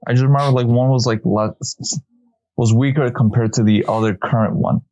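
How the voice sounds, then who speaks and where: A man's voice: mid-range voice, fairly even intonation, a little fast, mellow, no room sound. A man co-hosting a podcast in casual chat, explaining things in a rambling, hesitant way. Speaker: podcast co-host.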